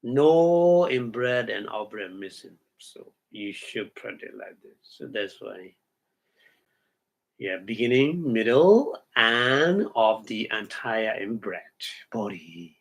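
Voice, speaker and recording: Speaking haltingly in a lowish voice with lively intonation, a meditation teacher delivers a Buddhist dharma talk. He chants Pali terms and explains each, checking in with his listeners via short hums and questions.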